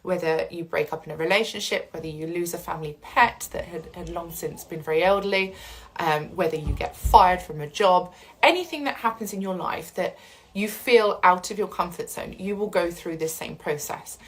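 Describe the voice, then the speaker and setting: Speaking to camera, a woman talks casually and earnestly about coping with upheaval, reassuring the listener and acting out the inner voices people hear during change. Her voice is fairly low and moderately paced. The audio is poor.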